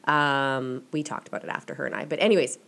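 A young woman hosts a podcast in a low voice, telling personal stories in a loose, confessional way. She peppers her talk with "like" and swears freely. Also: steady tone, fast talker, gravelly, a bit bright. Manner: chatty, frequent "like" fillers, swears freely. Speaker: podcast host. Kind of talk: casual confessional storytelling.

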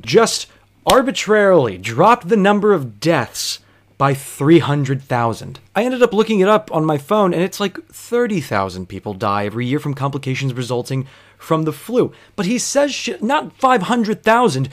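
A man tells a comic story from behind the bar in an exasperated, disbelieving tone, swearing freely. His voice sits a little higher than most men's. He rants with mounting incredulity. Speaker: bartender.

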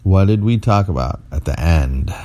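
A man with a very deep voice co-hosts a casual late-night podcast. He sounds tired and rambles playfully, teasing his co-host. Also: lively intonation, moderate pace, mellow.

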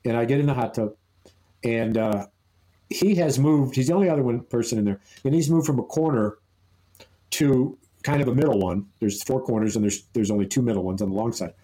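A man's voice: mid-range voice, brisk, mellow, poor audio. A man co-hosting a podcast, telling an amused, rambling anecdote full of restarts. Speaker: podcast co-host. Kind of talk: casual storytelling chat.

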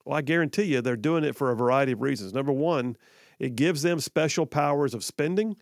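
A man's voice: mid-range voice, a little fast, no room sound. A man hosting live talk radio from a studio, chatty and joking, often repeating himself. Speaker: radio talk show host. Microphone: studio microphone.

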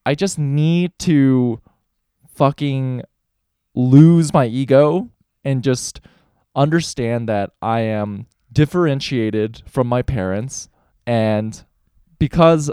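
A man's voice: medium pitch, slow pace, mellow, clean tone, no room sound, clean studio sound. A young man co-hosting a casual podcast, telling a candid story with frequent swearing. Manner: candid, profane storytelling, voices for quoted people. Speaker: podcast co-host.

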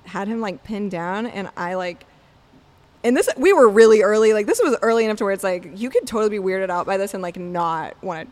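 A woman's voice: mid-range voice, brisk. Young woman, podcast co-host, casual chat, frank and gushing, mid-range voice. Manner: frank, gushing storytelling with many fillers.

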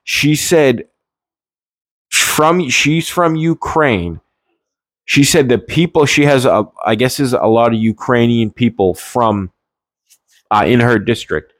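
A man's voice: mid-range voice, slow, long pauses, dry recording. A man giving a heated, indignant political rant in a casual, rambling way, often restarting his sentences. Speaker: political commentator.

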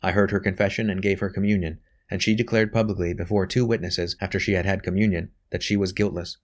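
A man voicing an earnest, guarded young male priest in a storybook reading, speaking in a measured way. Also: deep voice, fairly even intonation, natural voice.

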